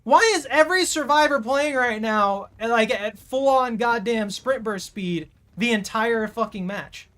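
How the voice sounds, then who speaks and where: Frustrated gamer with a bright voice. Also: mid-range voice, a little slow, hardly any pauses. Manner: ranting, swears constantly. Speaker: gamer playing a killer. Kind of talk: gameplay commentary.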